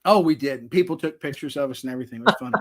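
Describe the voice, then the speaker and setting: A man's voice: mid-range voice, animated, racing, slight background noise. A man, likely in his forties, telling rambling self-deprecating stories as a guest on a video call. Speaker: author guest. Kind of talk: casual storytelling on a live chat.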